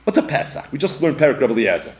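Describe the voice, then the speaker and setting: A man with a Yeshiva English accent teaching a Talmud class, animated and acting out little scenes in different voices. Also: fairly high pitch, quick pace.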